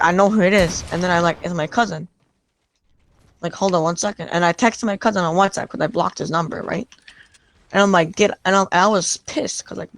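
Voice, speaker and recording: A young man casually telling a rambling, excited story over game voice chat, full of restarts and retold back-and-forth. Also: high-pitched. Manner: rambling, excited retelling with many restarts and "I'm like".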